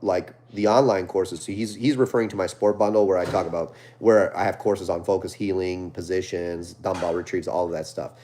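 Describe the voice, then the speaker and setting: A man with a fairly low voice answers viewer questions on a live stream. He speaks casually and conversationally, like a trainer explaining his methods, and keeps checking in with a quick "right?". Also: warm tone. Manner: conversational, reads viewer questions aloud and answers, often ends points with "right?". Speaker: dog trainer hosting a live Q&A.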